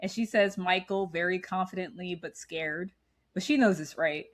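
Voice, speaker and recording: A woman's voice: lowish voice, normal speed. A woman in her thirties hosts a casual podcast chat. She retells scenes with animation and laughs often, keeping the tone loose and conversational. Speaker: podcast co-host. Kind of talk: casual movie recap chat.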